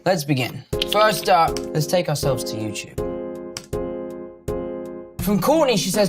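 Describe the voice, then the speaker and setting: A young man from England with a London accent, casually reading online comments aloud and answering them in a playful, self-mocking way. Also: fairly high pitch. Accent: London English. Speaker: actor reading fan comments. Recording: music playing underneath.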